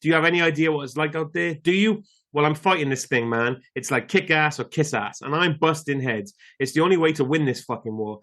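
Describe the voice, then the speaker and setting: A man's voice: a little high, fairly quick, hardly any pauses, a bit bright, lightly acted. A man from Wales putting on a ranting, belligerent soldier from an action film. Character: unhinged male soldier impression, rough and belligerent.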